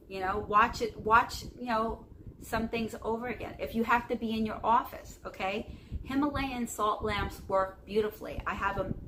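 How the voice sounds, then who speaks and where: A woman vlogging casual spiritual advice to camera, rambling with many fillers and checking in with "okay?". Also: medium pitch. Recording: noticeable background noise.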